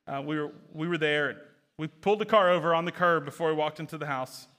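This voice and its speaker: A male pastor delivering a sermon in a high, ringing voice with a bright, forceful edge. He speaks earnestly and swells into impassioned, near-shouted stretches. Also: fast.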